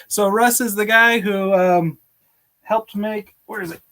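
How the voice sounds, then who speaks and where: A man's voice: sits high, steady tone, slow, sharp tone. A man hosting a live stream, upbeat, greeting viewers by name and laughing often. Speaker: stream host. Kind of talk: casual live-stream chat.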